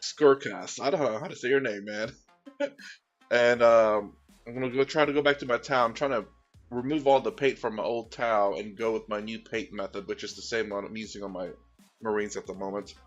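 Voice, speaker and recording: A man's voice: lowish voice, fairly even intonation, brisk, soft background music. A man streaming as he paints miniatures, chatting casually with viewers in a rambling, easygoing way with many fillers and restarts. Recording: dull, slightly lo-fi sound.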